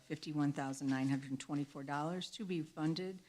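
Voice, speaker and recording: A woman with a low voice chairs a school board meeting. She calls for motions and reads formal resolutions aloud in a steady, businesslike way. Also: normal speed, low-quality recording.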